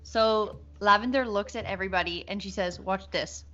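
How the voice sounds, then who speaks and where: A woman playing a tabletop role-playing game, playful and animated when she speaks in character. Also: medium pitch, brisk, highs cut off, soft background music. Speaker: player.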